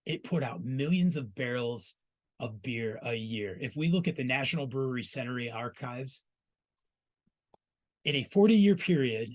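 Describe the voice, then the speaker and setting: A man hosting a trade news segment, telling history in a storytelling way and speaking straight to the listener. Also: mid-range voice. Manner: storytelling, addresses listener directly. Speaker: host.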